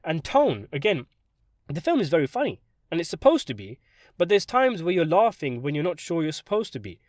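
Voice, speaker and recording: A man delivering a scripted film review in a sardonic, animated way. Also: a little high, a little fast, no echo, clean studio sound. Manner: sardonic, animated delivery with sudden jumps for emphasis. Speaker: film critic.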